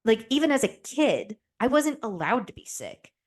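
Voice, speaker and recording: Her voice sits on the high side with a breathy edge, and this young podcast host is very animated at a moderate pace. In candid, casual talk she curses freely and imitates the people she quotes.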